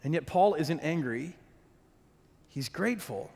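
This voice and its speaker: High-voiced preaching man in reverberant hall. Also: animated, gravelly, darkish tone, slightly rough. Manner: earnest preaching with quick restarts and repeated words. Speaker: pastor. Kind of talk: sermon. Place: church hall.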